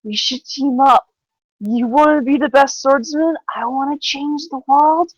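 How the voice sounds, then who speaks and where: A woman's voice: high-pitched, unhurried, no room sound, dull audio. Woman doing a drunk seventies hippie woman. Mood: tipsy, earnest. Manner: slurring, rambling, overly friendly. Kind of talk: tabletop role-play.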